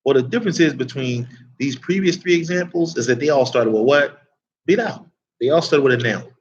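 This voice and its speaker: A man's voice: mid-range voice, a little fast, lo-fi sound, slight background noise. A man teaching an Arabic grammar class in a casual, chatty way, often asking the class rhetorical questions.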